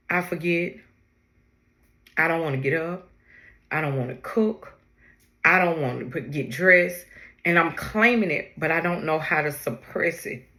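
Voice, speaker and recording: Slow, halting grieving woman podcaster. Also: fairly low pitch, bright, forceful tone. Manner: halting, heartfelt, reflective, many pauses and restarts. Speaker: podcast host. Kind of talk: personal podcast monologue.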